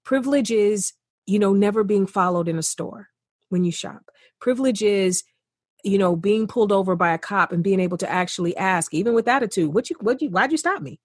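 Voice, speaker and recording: A woman's voice: medium pitch, a little fast, no room sound, clean studio sound. A woman guest in an earnest podcast conversation, speaking with passion and repeating phrases for emphasis.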